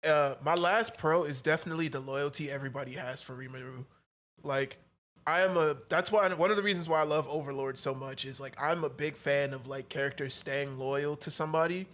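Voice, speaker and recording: Bright-voiced, excitable young man. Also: a little high, brisk. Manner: excitable, laughs a lot, swears freely. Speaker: podcast co-host. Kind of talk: casual anime discussion.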